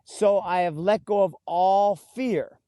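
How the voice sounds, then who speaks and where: A man speaking as an interview guest, telling stories earnestly and slowing right down to stress his key words, recorded outdoors. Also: sits high, dark tone, no room sound, studio quality. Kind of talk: conversational interview. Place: outdoors in a food forest.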